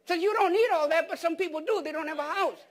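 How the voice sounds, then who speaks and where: A man with a notably high voice delivers a sermon as pastor. He keeps asking the congregation questions and repeats words and restarts phrases to drive each point home. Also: fast talker. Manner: emphatic preaching with rhetorical questions to the congregation.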